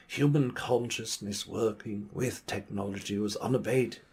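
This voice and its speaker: A man channeling a grandiose male alien entity in a put-on foppish British accent, lecturing slowly and earnestly. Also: lowish voice, slightly rough, heavily acted. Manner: slow, earnest, New Age lecturing. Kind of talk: played channeling video.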